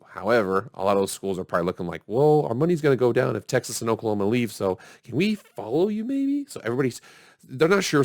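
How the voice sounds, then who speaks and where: A man's voice: deep voice, no room sound, studio quality. A man hosting a football show in casual, upbeat commentary, chatty and hyping his viewers. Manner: upbeat and chatty, hypes the audience.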